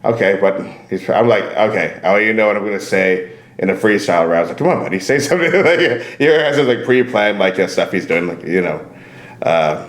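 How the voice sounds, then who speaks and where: A man's voice: lowish voice, expressive, brisk, roomy sound. A man hosting a comedy podcast, chatting crudely and rambling, laughing often. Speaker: podcast host. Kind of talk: casual comedic chat.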